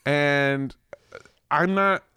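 A man chatting casually on a podcast, telling stories in an animated, profane way, with mocking voices for the people in them. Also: on the high side, extremely slow, smooth, no echo, clean studio sound. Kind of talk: casual chat, storytelling.

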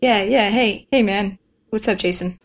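A woman's voice: medium pitch, unhurried, noisy background, lightly acted. A woman voicing a broke, wisecracking freelancer who hesitates and fills the talk with ums and jokes. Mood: casual. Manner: hesitant, full of fillers, joking.

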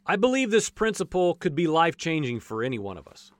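A man preaching a casual, animated sermon, acting out voices from the stories and joking as he goes. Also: fairly high pitch, fast, no echo. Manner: folksy, says "y'all" and jokes.

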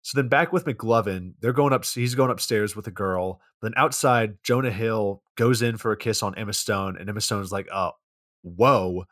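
A man with a lowish voice talks through a film recap, swearing freely and wandering off mid-sentence. The sound is dry and close, with no room around it. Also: normal speed, few pauses, fairly bright tone, no room sound. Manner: profane, rambling storytelling. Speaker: podcast co-host. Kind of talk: casual movie recap chat.

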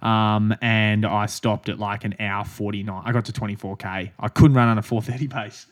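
An Australian man with a slightly low voice, spinning a yarn on a podcast. He talks casually, swears often, and laughs through his own stories. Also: little pitch movement, normal speed. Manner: chatty storytelling, swears freely, laughs as he talks. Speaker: podcast co-host, runner. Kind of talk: casual chat.

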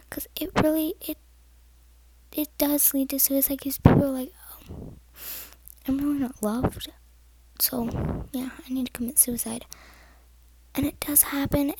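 A woman's voice: high voice, darkish tone, dry recording, poor audio. A woman giving earnest, rambling advice to the camera, often dropping to a whisper.

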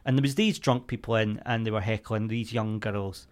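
A young man, a comedian co-hosting a podcast, telling a story in casual chat, animated and sweary, jumping into loud mocking voices. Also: on the low side, fairly quick.

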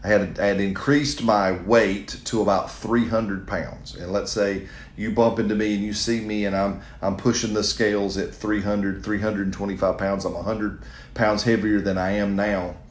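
The voice belongs to a middle-aged pastor, lowish and flat, at a moderate pace with reverb around it. Answering a question, he preaches earnestly yet conversationally, with restarts and direct appeals to his audience.

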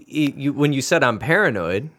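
A man's voice: medium pitch, lively intonation, normal speed, sharp tone. A man hosting a podcast, who talks with his guest in an engaged, affirming way. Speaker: host, counselor. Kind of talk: conversational interview.

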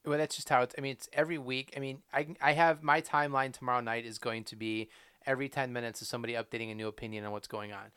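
Casting a man for a sports podcast: fast, smooth voice, casual profane banter. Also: mid-range voice, little pitch movement, a bit bright, no room sound. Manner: quick, agreeable, profane banter.

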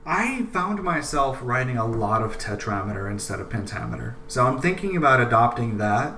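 A man's voice: medium pitch, big pitch swings, moderate pace, sharp tone. Man musing aloud in an echoey room. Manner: thinks aloud, chants rhythms as da-da. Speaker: poet discussing his draft. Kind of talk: casual conversation. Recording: echoey room, mic at a distance, faint ambient noise.

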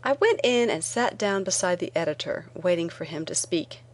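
A woman narrates a first-person memoir as an audiobook reading. Her voice sits fairly low, and she tells the story in a clear, steady way. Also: normal speed.

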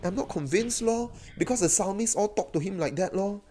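Male pastor, slightly high voice, animated sermon delivery that rises to mimic cries. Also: fairly quick, slight background noise. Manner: animated, acts out the psalmist's cries in a raised voice.

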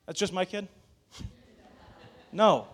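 A man's voice: sits high, animated, takes it slowly. A young adult man, a pastor, preaching a sermon, telling a story and rising to urgent calls to get up.

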